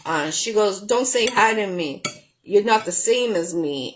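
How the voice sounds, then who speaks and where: A woman's voice: mid-range voice, animated, a little slow, poor audio. A woman hosting a home cooking show, chatting in a rambling way with lots of ums while she cooks. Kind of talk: casual chat while cooking. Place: home kitchen.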